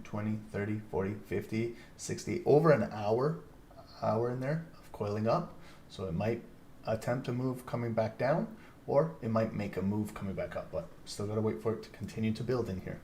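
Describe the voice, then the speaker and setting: A man's voice: lowish voice, normal speed, a little mellow, slight background noise. A man in his thirties hosting a live trading stream, rambling and chatty as he comments on the charts. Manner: rambling, chatty, frequent laughter.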